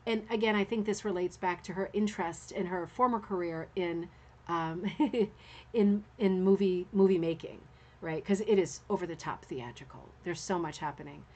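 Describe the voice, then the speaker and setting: A woman's voice: on the low side, normal speed, darkish tone. A woman hosting a casual live stream, musing aloud about artworks and answering viewer comments as she thinks. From Canada. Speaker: host of a rug hooking club show.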